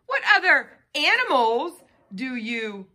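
A woman teacher gives a phonics lesson to a young child, her bright voice swooping up and down a lot as she patiently sounds out each letter. She talks slowly and sits a little high in pitch. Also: big pitch swings.

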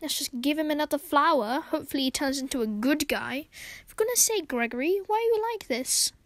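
A woman's voice: high voice, lively intonation, fairly quick, no room sound. A woman giving casual, exasperated commentary over a game, laughing and talking back to characters. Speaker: gaming channel host. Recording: game music behind voice.

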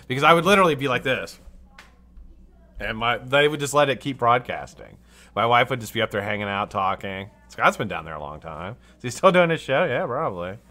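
Male host from the US, chatty live-stream voice, bright tone, plenty of pitch swing, casual cussing. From United States. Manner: animated, chatty, swears casually. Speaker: livestream host.

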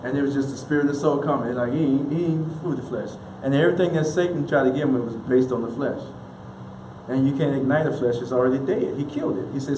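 A man preaching a sermon in a folksy, casual way, acting out quick little voices and laughing often. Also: medium pitch, warm tone. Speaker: minister. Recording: echoey room with faint noise.

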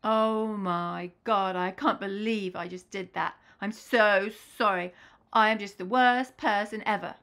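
A woman's voice: mid-range voice, fairly even intonation, a little slow, fairly bright tone. A woman playing an apologetic partner in a comic sketch, speaking earnestly and a little flustered.

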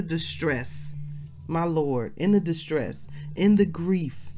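A woman's voice: low-pitched, lively intonation, slow, warm tone. A middle-aged woman preaching a devotional with fervor, repeating phrases and breaking in with praise, close to tears. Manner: fervent, repeats phrases, interjects praise and hallelujahs. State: near tears. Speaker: minister leading a devotional.

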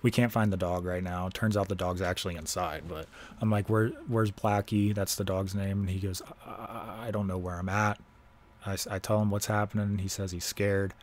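A young man from Ohio hosting a podcast, telling a personal story in a casual, halting way and swearing freely. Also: low voice, steady tone. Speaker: podcast host.

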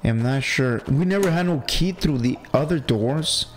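A man's voice: medium pitch, expressive, normal speed, rough recording. A man with a heavy accent giving casual let's-play commentary as a gaming channel host, chatty and laughing at himself.

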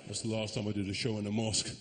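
Racing through his set in a lowish, completely flat delivery, a stand-up comedian teases the crowd brashly and swears a lot. It's a live show in a large comedy venue, recorded in an echoey hall with audience noise.

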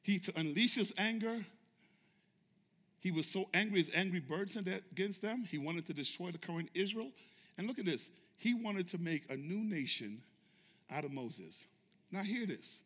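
A man preaching a sermon, swinging from loud shouts to quiet asides and calling on the congregation to respond. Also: high-pitched, slightly rough. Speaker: pastor. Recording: long reverb of a large hall.

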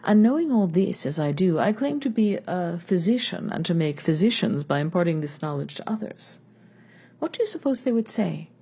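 A woman's voice: on the low side, big pitch swings, normal speed, dark tone, husky, heavily acted. A woman reading the lines of an older male philosopher in a patient, questioning manner. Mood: reasoning. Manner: reasoned, questioning delivery.

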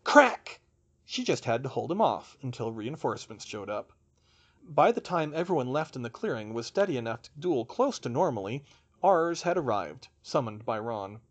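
A male narrator reading a fantasy story aloud in an expressive, animated way. His voice sits in the middle of the male range and moves through lively rises and falls. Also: mid-range voice, moderate pace, breathy edge. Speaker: audiobook narrator.

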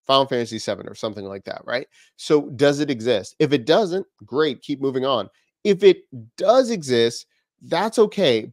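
A man hosting his own channel, giving business advice straight to camera in an energetic way, asking one rhetorical question after another. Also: mid-range voice, no room sound, clean studio sound. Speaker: business coach and channel host.

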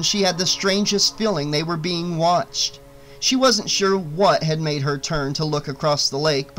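A man narrating an audiobook with a steady, expressive reading. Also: fairly high pitch.

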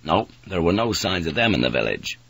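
A man voicing a steady ship's pilot who speaks in a kind, level, measured way. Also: deep voice, gravelly, husky, no room sound, voice pushed down, full character voice.

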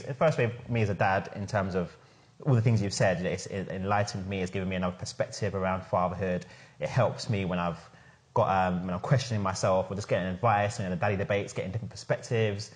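A man's voice: fairly low pitch, fast talker. A man hosting a casual podcast discussion, talking enthusiastically in a chatty way with lots of "like". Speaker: podcast host and founder.

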